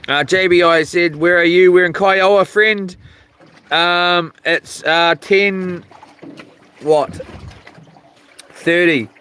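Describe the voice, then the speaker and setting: Streaming his fishing trip live by the sea, a man talks slowly with frequent pauses, his high voice fairly bright, clear, and resonant, with fairly even intonation. He rambles in a laid-back way, swears lightly, and welcomes viewers by reading their names.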